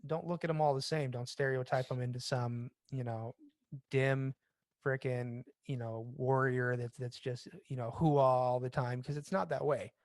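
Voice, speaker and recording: A man's voice: mid-range voice, steady tone, no echo. Casting note: male veteran co-host, loose and rambling, dry close mic. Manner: rambling, halting restarts, mild cursing. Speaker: podcast co-host and military veteran. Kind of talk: casual podcast chat.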